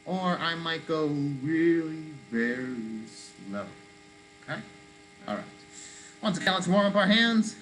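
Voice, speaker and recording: A woman leading children in a playful call-and-response movement game, coaxing them to shout along. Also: sits low, expressive, slow. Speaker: children's activity leader. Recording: faint mains hum.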